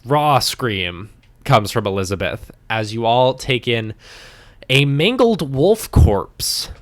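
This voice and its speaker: A man narrating as game master, unhurried and full of pauses and fillers. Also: mid-range voice, lively intonation.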